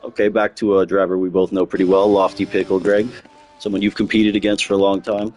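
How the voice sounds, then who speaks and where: Deep-voiced man leading sim racing commentary. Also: flat delivery, fast, a little mellow. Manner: chatty, conversational, playful with driver nicknames. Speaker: lead commentator.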